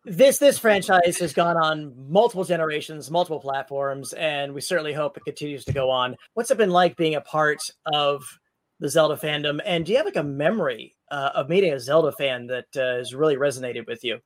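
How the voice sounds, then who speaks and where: A male panel moderator asking a question in a measured, slightly halting way. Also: on the high side.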